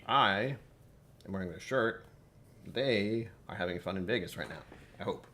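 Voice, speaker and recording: A man's voice: on the low side, normal speed, pushed and bright, slight background noise. Chatty man hosting a livestream. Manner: chatty, mutters to himself while fixing settings. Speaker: livestream host. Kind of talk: casual livestream chat. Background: faint background music.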